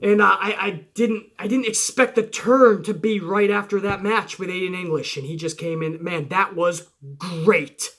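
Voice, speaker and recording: A man with a high voice hosts a wrestling review show at a moderate pace. He recaps matches excitedly and casually, swearing often and acting out quotes.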